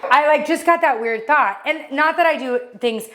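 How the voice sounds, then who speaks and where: A woman co-hosting a podcast, telling a story in animated casual chat with quick asides. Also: sits high. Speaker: podcast co-host.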